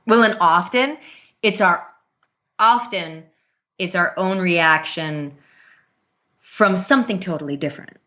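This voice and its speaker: A woman with a bright, clear voice talks through parenting ideas in an earnest, chatty way. She laughs easily and keeps a casual interview tone. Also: on the low side, measured pace, long pauses. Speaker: podcast guest, parenting coach.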